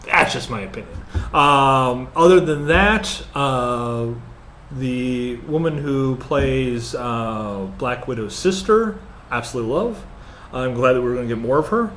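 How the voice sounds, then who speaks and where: A man co-hosting a casual movie review chat, rambling and hesitant with lots of fillers, then growing animated. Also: mid-range voice, measured pace, a little hiss or hum. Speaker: podcast co-host.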